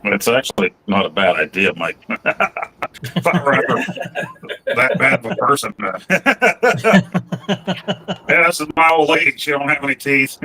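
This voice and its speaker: A man's voice: on the high side, wildly swooping pitch, slow, long pauses, bright, forceful tone, poor audio. A man co-hosting a gaming podcast in casual chat, joking and laughing often. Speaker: podcast co-host.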